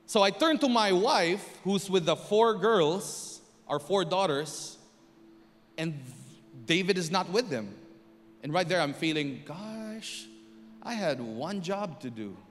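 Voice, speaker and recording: Animated middle-aged man telling a story. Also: fairly high pitch. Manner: animated, acts out scenes and voices. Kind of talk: storytelling talk to an audience. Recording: long reverb with music behind.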